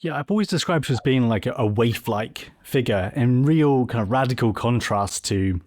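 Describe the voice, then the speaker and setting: A man's voice: medium pitch, animated, moderate pace, darkish tone. A man hosting a film podcast, speaking in a thoughtful, academic way during a conversational interview. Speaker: podcast host.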